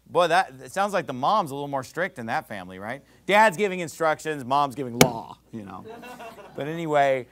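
A man's voice: mid-range voice, fairly bright tone. A middle-aged man preaching a sermon, reading scripture and driving his points home with rising emphasis.

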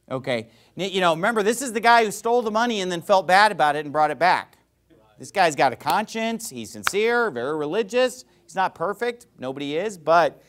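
A preacher with a high, lively voice, reading scripture and breaking it down in a loose, sarcastic, conversational way. His tone swings up and down as he makes his points. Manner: casual, animated, sarcastic. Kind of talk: sermon, reading and explaining scripture.

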